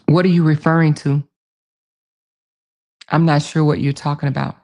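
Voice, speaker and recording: A woman's voice: low-pitched, level tone, moderate pace, darkish tone. A woman hosting a casual livestream, reading viewer comments and answering them, repeating her points for emphasis. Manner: emphatic, repeats phrases, calls viewers baby and honey. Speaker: livestream host.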